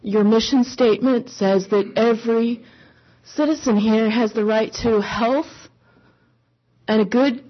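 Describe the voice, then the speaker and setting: A woman's voice: a little high, fairly even intonation, measured pace, highs cut off. A woman giving emotional public testimony at a meeting, earnest and pleading, close to tears and apologizing as she speaks from the heart.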